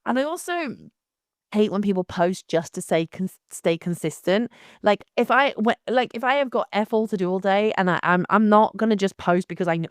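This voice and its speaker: A young woman, hosting her own podcast in a blunt, animated, casual monologue with frequent restarts. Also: mid-range voice, a little fast, smooth, no echo, studio quality.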